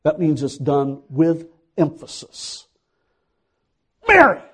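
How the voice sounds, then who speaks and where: A man's voice: a little high, unhurried, dark tone, breathy edge. A man preaching a sermon, retelling a scripture story dramatically and building to fervent emphasis.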